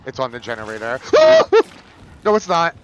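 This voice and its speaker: A man's voice: expressive, measured pace, a bit bright, a little hiss or hum. Campy chatty man on lo-fi stream audio. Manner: chatty and campy, reading chat aloud, swinging pitch. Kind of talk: casual live-stream chat.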